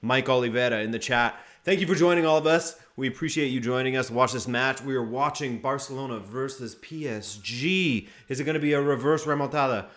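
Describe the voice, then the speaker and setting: A man's voice: medium pitch, brisk, few pauses, a bit bright. A man hosting a live football watchalong stream, chatting casually, going over lineups and greeting viewers from the chat by name.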